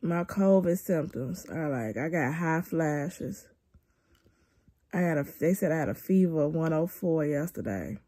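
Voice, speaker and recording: A young woman vlogging casually from her bed at home into a phone camera, venting in a weary, drawn-out way and sounding slightly congested. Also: low voice, expressive, dark tone, slightly rough. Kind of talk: casual confessional vlog.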